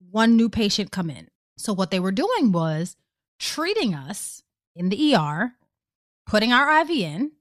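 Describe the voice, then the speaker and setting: A woman's voice: medium pitch, dry recording, studio quality. A woman co-hosting a podcast, telling a personal story in an earnest, emphatic way. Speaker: podcast co-host. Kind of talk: casual podcast chat.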